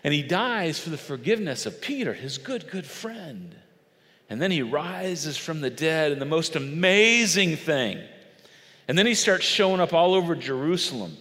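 A male pastor preaching an animated storytelling sermon, emphatic and dramatic. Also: fairly high pitch, moderate pace, in a large hall. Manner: animated, emphatic, acts out quotes.

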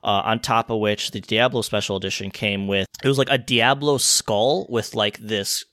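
A man's voice: on the low side, fairly even intonation, normal speed, sharp tone, no echo, clean studio sound. A man telling a story in casual chat, ranting and swearing, acting out the people he quotes.

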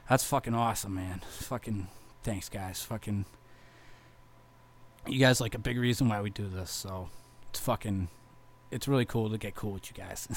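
Young male metal bassist from Massachusetts, casual, swears constantly, rambling and sincere. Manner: profane, rambling, heartfelt, lots of fillers. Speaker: touring metal bass player. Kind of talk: casual vlog thank-you message.

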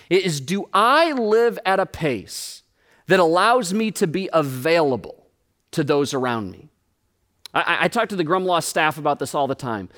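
Man, pastor, high voice, lively sermon storytelling. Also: moderate pace. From United States. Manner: animated storytelling with humorous asides.

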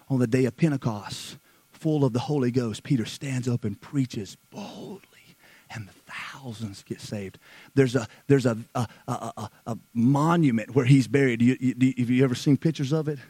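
A man preaching a sermon who moves between hushed, slow passages and loud, fervent stretches, often repeating words. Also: medium pitch, breathy edge, dry recording, rough recording. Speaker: pastor.

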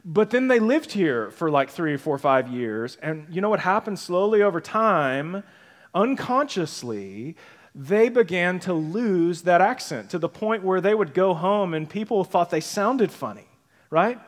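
A man's voice: sits high, very animated, measured pace. Man preaching in a reverberant hall. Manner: conversational preaching, frequent tag questions. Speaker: pastor. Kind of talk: sermon. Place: church sanctuary.

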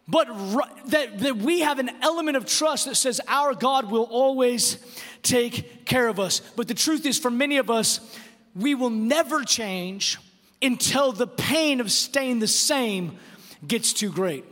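A pastor preaching a sermon, emphatic and repeating words, slowing down to stress key phrases. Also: male voice, extremely high pitch, a bit bright. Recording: long reverb of a large hall.

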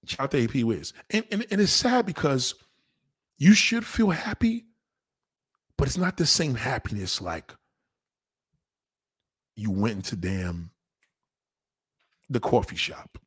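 A man rants crudely in a comic monologue, swearing constantly and slipping into the voices of the people in his story. His voice is husky and a little rough. His pitch swoops up and down with lively energy. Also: a little slow, long pauses. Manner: profane, animated, acts out voices. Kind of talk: crude stand-up style rant.

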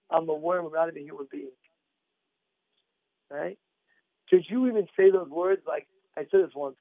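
A high-voiced man preaches in an animated, repetitive way and acts out the voices in his stories. The recording is dry and narrow, like a phone line. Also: vocal fry, dry recording. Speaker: rabbi giving a Torah class. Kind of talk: storytelling sermon.

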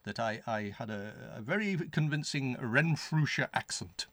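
A man's voice: mid-range voice, expressive, normal speed, a bit bright, no room sound. A man co-hosting a casual podcast chat, giggly and self-mocking, often tripping over his words. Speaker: podcast co-host.

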